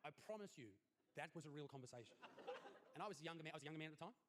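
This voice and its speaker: An Australian man doing a stand-up comedy set, brash and crude with punchy deadpan lines. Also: fairly high pitch, rapid-fire, very noisy.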